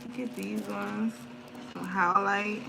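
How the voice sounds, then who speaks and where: A woman's voice: medium pitch, steady tone, takes it slowly, gravelly. Woman, casual live-stream chat, slangy, swears freely, mid-range voice, noisy room. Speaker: tarot reader and spiritual content creator. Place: indoors at home near an open window. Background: outdoor noise through the window.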